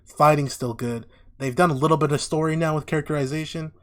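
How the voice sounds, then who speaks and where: A man co-hosting a casual podcast, recapping an anime with animated storytelling and acted-out lines. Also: a little high, fast. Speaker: podcast co-host.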